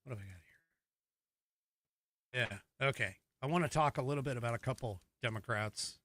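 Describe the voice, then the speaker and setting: Combative, bright-voiced American male host. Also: mid-range voice, a little fast, dry recording. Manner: combative, mocking, rising emphatic delivery. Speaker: podcast host. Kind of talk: solo political commentary.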